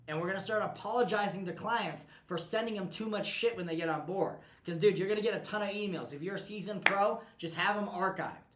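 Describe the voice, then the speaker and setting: A man's voice: sits high, echoey room, a little hiss or hum, rough recording. A man coaching his team in a blunt, profane motivational talk. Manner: forceful, profane, pushy.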